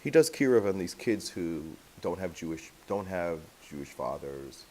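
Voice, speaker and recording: A man, a rabbi, telling a personal story to a class in a lively, anecdotal way, sprinkling in Yiddish and Hebrew terms. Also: low voice, normal speed, slight background noise.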